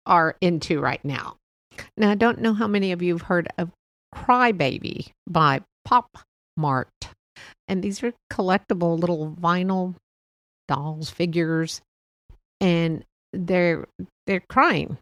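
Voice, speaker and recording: A woman's voice: fairly low pitch, no echo. A middle-aged woman hosting her own podcast, chatting loosely about toys with frequent laughs and rambling restarts. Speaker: podcast host. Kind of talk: casual solo podcast chat.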